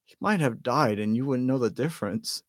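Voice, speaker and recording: A man's voice: mid-range voice, animated, normal speed, no room sound, studio quality, lightly acted. A man doing Ron, a chatty young wizard boy.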